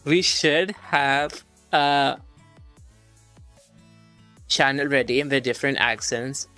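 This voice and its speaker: A young woman chats casually on a study livestream. She reads questions aloud, swears freely and laughs often. Soft music plays behind her. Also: very deep voice, takes it slowly. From India. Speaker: streamer studying medicine.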